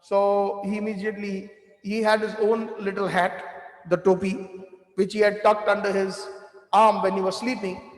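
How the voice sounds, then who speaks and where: A man giving a devotional talk, telling lively anecdotes with quoted dialogue. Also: high voice, moderate pace. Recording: echoey hall with long reverb.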